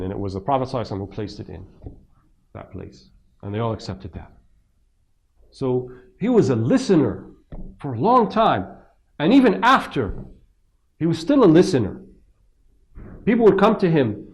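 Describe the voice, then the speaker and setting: A man's voice: mid-range voice, animated, a little fast, pauses often. A man teaching a seminar audience in a mosque. He speaks conversationally, asks frequent rhetorical questions and acts out quoted speech. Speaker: religious teacher. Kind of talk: lecture commentary to a seminar audience.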